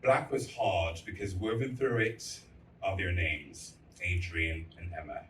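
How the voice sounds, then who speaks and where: A man with a lowish voice delivers a candid public speech, telling stories with blunt, crude humor. He is heard from a distance in an echoey hall, with faint ambience behind him. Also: unhurried, fairly bright tone, slight background noise. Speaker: festival speaker.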